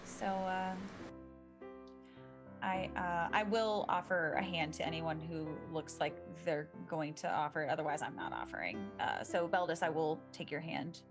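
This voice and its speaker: A woman's voice: low voice, animated, normal speed, music in the background. A woman playing in a tabletop game stream, joking and hesitant with many restarts. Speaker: player. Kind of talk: casual tabletop play.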